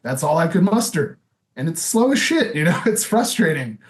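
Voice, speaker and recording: A man's voice: a little high, sing-song, normal speed. A man in his thirties telling his own story as a podcast guest, candid and loose, full of "you know" and "like". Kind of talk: casual interview storytelling.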